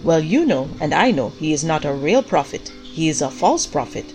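A woman's voice: on the low side, expressive, moderate pace, a little mellow, soft background music, lightly acted. A woman reading aloud and voicing a determined churchgoing mother who speaks in a matter-of-fact, slightly breathless way. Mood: earnest.

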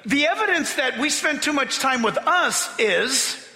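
A man's voice: very high-pitched, expressive, unhurried, pushed and bright. A man preaching a sermon as pastor, emphatic and exhorting, with humorous asides. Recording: long hall reverb.

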